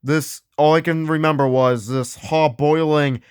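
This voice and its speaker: A man hosts a homemade ghost hunt in a high, slow-paced voice. He is excitable and often yells out names. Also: clean tone, no echo, clean studio sound. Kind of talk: acted ghost hunt narration.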